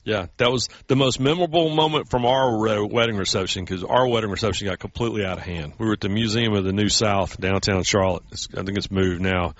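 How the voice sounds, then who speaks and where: A man's voice: on the low side, quick pace, few pauses, dry recording. Chatty storytelling man, dull dry sound. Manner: storytelling, animated quoted voices. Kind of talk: casual chat.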